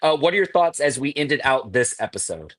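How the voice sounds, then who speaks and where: A host recapping a reality TV episode on a live show, animated and laughing often. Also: mid-range voice, a little fast, no echo. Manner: animated storytelling with acted quotes. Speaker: podcast host.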